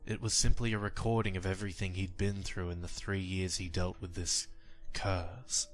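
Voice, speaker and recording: A man reading a horror story aloud in a measured, grim storytelling manner. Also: low voice, level tone. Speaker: narrator. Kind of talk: scripted horror story narration. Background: faint music.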